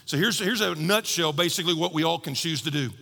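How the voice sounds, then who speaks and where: A man preaching a sermon, telling a story with lively quoted voices and shifting from bold to hushed. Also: fairly high pitch, quick pace, creaky, long reverb tail. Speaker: pastor.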